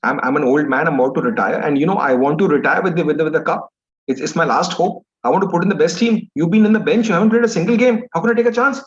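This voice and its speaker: A man's voice: fairly high pitch, quick pace, voice pushed up, natural voice. A man voicing an old, stressed sports coach about to retire, speaking in a pleading, harried way. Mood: worried. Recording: dull lo-fi recording.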